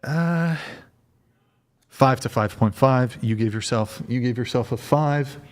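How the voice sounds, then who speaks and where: A man's voice: mid-range voice, takes it slowly. A man hosting a dating panel on a live stream, blunt and teasing as he questions the guests. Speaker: dating show host.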